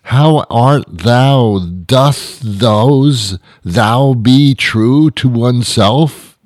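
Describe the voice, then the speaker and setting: A man voicing a pompous Elizabethan gentleman in drawn-out mock old English. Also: mid-range voice, no room sound, pitched above the performer's own voice.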